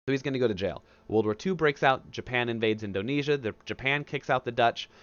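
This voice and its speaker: A man's voice: medium pitch, a bit bright, dull audio. A male history teacher giving a casual, conversational recorded lecture over a headset mic. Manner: casual, conversational, acts out historical figures in quick asides.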